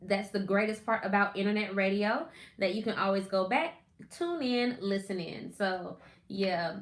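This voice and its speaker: A woman's voice: mid-range voice, moderate pace. A woman hosting a casual live stream, chatty and greeting viewers by name. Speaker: podcast host. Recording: echoey room.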